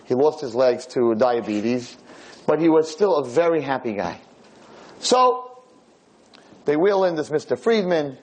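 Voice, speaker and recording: A man's voice: on the high side, expressive, measured pace, long pauses, a little mellow, poor audio. A man lecturing, telling a story in a casual, conversational way.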